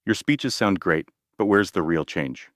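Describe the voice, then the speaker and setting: A man reading the lines of a determined, frustrated young woman, in a sharp but steady manner. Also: low-pitched, unhurried, no room sound, clean studio sound. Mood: defiant. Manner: sharp, steady, pushes back.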